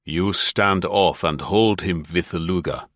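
A hard German lawman, read by a male narrator, barks clipped orders in a very low, deep voice. The tone is bright and forceful, and the sound is dry and close. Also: a little slow, dry recording. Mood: calm, planning. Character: gruff German police officer, hard, commanding man.

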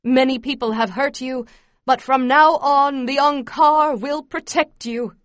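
A woman's voice: sits high, fairly even intonation, no echo, pitched above the performer's own voice. A woman voicing a zealous female camp leader. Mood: fervent. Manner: loud, slow, zealous declaiming. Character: fervent female camp leader shouting propaganda.

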